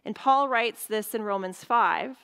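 A woman's voice: a little high, unhurried, gravelly, a bit bright, smooth. A woman preaching a sermon in a church, earnest and reflective, asking the listeners questions. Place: church sanctuary. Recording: long hall reverb.

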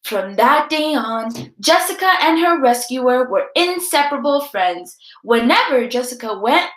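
A woman teacher reading a picture book aloud as a lesson, telling the story expressively and pausing for students' predictions. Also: high voice. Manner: expressive storytelling, guiding pauses. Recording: echoey room.

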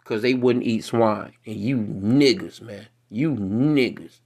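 A man reading scripture aloud and commenting on it in blunt, profane, emphatic street talk, slowing down deliberately for the old text. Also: lowish voice, creaky, darkish tone.

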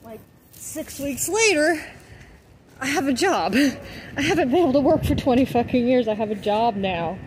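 Strolling through town and popping into shops, a woman from the Southern United States films a casual walking vlog with a light, mostly toned-down Southern accent. Her voice is high with lively intonation at a normal speed, and she's chatty and candid, swearing occasionally and leaning heavily on "like." The outdoor street noise is loud.

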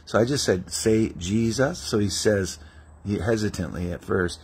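A man's voice: low voice, moderate pace, vocal fry, slightly rough. A man preaching a testimony-style sermon as an evangelist, telling stories animatedly and acting out prayers and dialogue.

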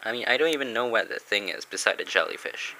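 A man's voice: lowish voice, animated, quick pace, pushed and bright, a little hiss or hum, low-quality recording. A man casually reviewing a comic book, rambling, chuckling and reading panels aloud.

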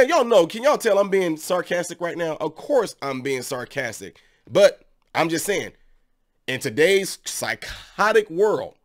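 Male host, higher voice than most men, sarcastic emphatic commentary, keeps hammering rhetorical questions. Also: a bit bright.

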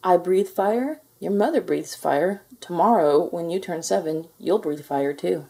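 Woman doing a stern, slow-talking dragon dad. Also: fairly low pitch, gravelly, warm tone, husky, heavily acted. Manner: slow, emphatic, insistent. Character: stern proud adult male dragon father. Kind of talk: children's storybook read-aloud.

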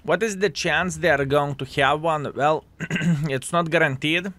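A man's voice: on the high side, a little slow, a bit bright. A young adult man giving casual, joking commentary over gameplay, chatting to his viewers as "fellas.". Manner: chatty, addresses viewers as fellas, playful jokes. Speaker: gaming commentator.

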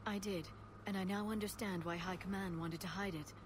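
A woman's voice: medium pitch, fairly even intonation, noisy background, close to an everyday voice. Liara, a woman voicing a composed alien scientist. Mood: grave. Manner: measured, explanatory delivery. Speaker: squad member.

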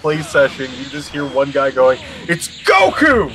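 A man's voice: medium pitch, flat delivery, normal speed. A man co-commentating a computer fight in casual chat, self-mocking and telling jokey stories.

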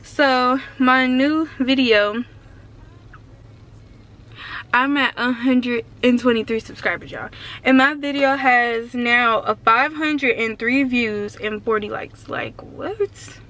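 A young woman of about nineteen, chatting excitedly in a casual vlog from inside her car, with lots of "like" and "um". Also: fairly high pitch, a little slow. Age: around 19. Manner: excitable and chatty, full of fillers like "like" and "um". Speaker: vlogger.

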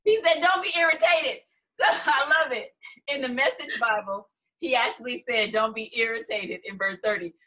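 A woman co-hosting a casual Bible study chat, commenting with animated, laughing energy and quick restarts. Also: on the high side. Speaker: podcast co-host.

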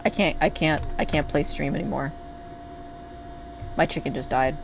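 A man's voice: a little high, moderate pace, vocal fry, background noise. Chatty man streaming a game. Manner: chatty, talks to chat, swears when upset.

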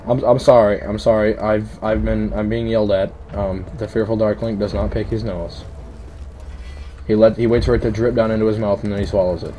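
A man's voice: on the low side, little pitch movement, fairly quick, mellow, a little hiss or hum. A man giving casual, rambling commentary while playing a horror game, easily startled and yelping at scares, on a headset mic. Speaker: let's play commentator.

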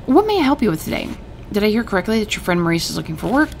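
A tired, frank woman shopkeeper who apologizes and then flatters, read out by a woman. Her voice has a gravelly grain and a brisk, dramatic lilt. It belongs to a storybook-style game. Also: medium pitch, slight background noise, pitched above the performer's own voice. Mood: warm. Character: weary woman shop owner, apologetic and frank.

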